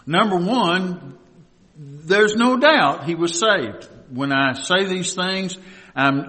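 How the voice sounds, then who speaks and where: A high, bright-toned man preaching a sermon from the pulpit. His voice rings with a long hall reverb, and he earnestly draws the congregation into call-and-response. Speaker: pastor.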